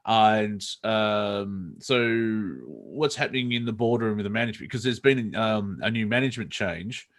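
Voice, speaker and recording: Aussie guy, lowish voice, rambly comedy chat, lots of ums. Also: expressive, measured pace, few pauses, a bit bright. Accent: Australian. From Australia. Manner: rambling, many fillers and restarts, laughs often. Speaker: comedy show co-host.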